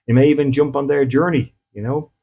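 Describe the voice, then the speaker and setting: A man's voice: mid-range voice, fairly even intonation, fairly quick, gravelly, dark tone, breathy edge, muffled recording. A man, a spiritual medium, talking casually to his audience and often checking in with "okay?". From Ireland. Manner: conversational, acts out little dialogues, often checks in with "okay?". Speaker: spiritual medium and podcast host.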